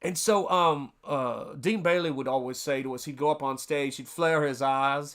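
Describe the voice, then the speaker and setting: A man's voice: medium pitch, normal speed, hardly any pauses, fairly bright tone. A man from Tennessee chatting casually on a live art stream, rambling through a story and greeting viewers in the chat. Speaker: livestreaming artist.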